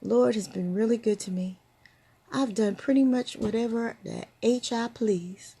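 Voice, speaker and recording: A woman voicing an elderly friend who gives folksy, unhurried advice. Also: fairly high pitch, creaky, warm tone, husky, exaggerated voice. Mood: fond, wise. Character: elderly woman friend, wise and gently teasing.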